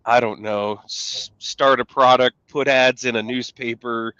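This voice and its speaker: A man's voice: mid-range voice, steady tone, measured pace, sharp tone, clear, resonant tone, no echo, lo-fi sound. A middle-aged man co-hosting a podcast, joking and rambling with plenty of fillers and restarts. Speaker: podcast co-host. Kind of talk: casual podcast conversation.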